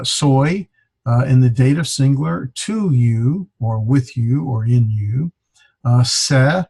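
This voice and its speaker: A man's voice: medium pitch, gravelly, warm tone, husky, rough recording. A man teaching a Greek class in a classroom lecture, explaining steadily with many hesitant fillers.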